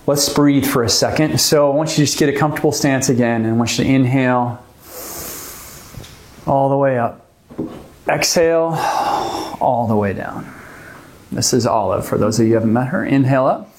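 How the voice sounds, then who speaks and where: A man calmly leading a stretching class, guiding the moves step by step and explaining why each one helps. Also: mid-range voice, slight background noise. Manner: calm, gently coaching, explains the reasons for each move. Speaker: movement class instructor. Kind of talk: guided exercise class instruction.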